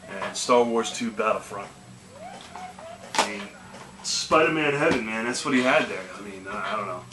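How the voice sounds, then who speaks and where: Here a video game collecting vlogger talks at a moderate pace in a lowish voice. He casually spins yard-sale tales in a loose, rambling style, with lots of "man" and "you know." It sounds like an echoey room with faint music playing.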